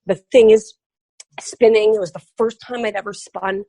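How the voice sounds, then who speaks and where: A woman's voice: mid-range voice, fairly even intonation, normal speed, mellow, dry recording. A woman guest on a podcast, telling a story animatedly and acting out quoted dialogue. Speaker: guest artist.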